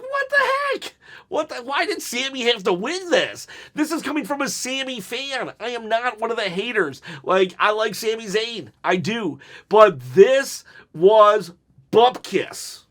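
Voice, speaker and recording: A man reviewing a wrestling show in casual solo talk, excitable and rambling, with jokey asides, jittery from caffeine. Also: extremely high pitch, a little slow.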